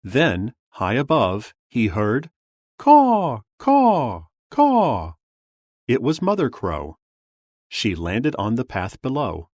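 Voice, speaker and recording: Man reading a kids' storybook, low voice, very slow, lively melody, dry close mic. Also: no echo. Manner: slow, clear, expressive. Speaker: storybook reader.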